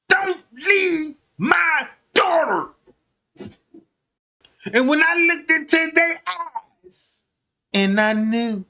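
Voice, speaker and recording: A man's voice: high-pitched, pushed and bright, full character voice. A man voicing a preachy, melodramatic middle-aged mother who rambles profanely. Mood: pleading.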